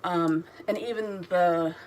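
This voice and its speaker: A woman's voice: on the low side, slow pace, a little mellow, a little hiss or hum. A middle-aged woman vlogging at home, chatting in a rambling, digressive way with many ums and an emotional, enthusiastic manner while doing her skincare routine. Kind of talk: casual chatty review during a skincare routine.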